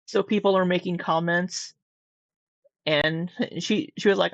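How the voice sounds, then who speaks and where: A woman's voice: lowish voice, fairly even intonation, moderate pace, dry recording, lo-fi sound. A woman co-hosting a casual commentary chat, telling gossipy stories and acting out what others said. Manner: gossipy storyteller, acts out quoted lines. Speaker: co-host.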